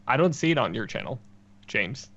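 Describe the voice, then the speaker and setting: Male podcast co-host, bright forceful tone, easygoing chuckles, slightly dull audio. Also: mid-range voice, sing-song, moderate pace, husky. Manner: chuckling, easygoing, swears casually. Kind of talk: casual chat.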